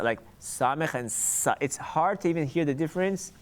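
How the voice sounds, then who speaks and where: A man giving an informal lesson on Hebrew letter sounds, sounding them out slowly and often restarting his sentences. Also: mid-range voice, smooth. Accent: Sephardic Hebrew pronunciation. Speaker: Hebrew reading teacher.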